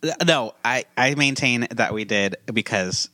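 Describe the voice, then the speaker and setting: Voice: medium pitch, measured pace, bright, forceful tone, no room sound. A podcast host chatting casually about a movie, playful and enthusiastic.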